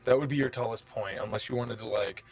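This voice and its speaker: A man's voice: mid-range voice, fast talker, darkish tone, faint music behind. A man running a tabletop game, describing the scene in a rambling, casual way with lots of fillers. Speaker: game master.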